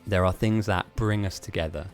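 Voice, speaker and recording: Low-voiced, rambling male streamer. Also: fairly even intonation, moderate pace, soft background music. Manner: rambling, self-mocking, laughs often. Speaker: streamer hosting a game tournament. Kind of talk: live-stream casual commentary.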